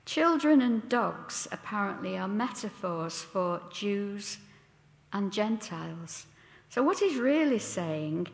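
Woman preacher, unhurried sermon delivery, asks questions of her listeners, roomy hall with a long echo. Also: medium pitch. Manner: slow, deliberate, posing questions to listeners. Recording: echoey church hall with long reverb.

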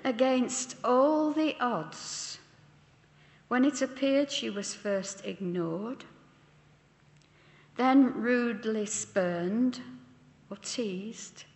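Slow, deliberate woman preacher in an echoey hall. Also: fairly high pitch, a little mellow. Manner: slow, deliberate, posing questions to listeners. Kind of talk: sermon. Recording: echoey church hall with long reverb.

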